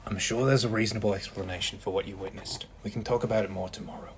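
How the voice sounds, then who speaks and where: A man's voice: on the low side, steady tone, fast, faint music behind, lightly acted. A young man playing a kindly night-shift signalman with a reassuring, fatherly manner. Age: young adult.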